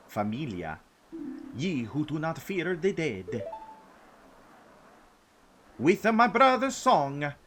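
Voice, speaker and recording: Guy putting on a high sad ghost musician voice, kinda swedish accent, slow and grand. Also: fairly bright tone, a little hiss or hum, heavily acted. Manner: put-on vaguely Swedish-sounding accent. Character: ghostly male composer, mournful and grateful.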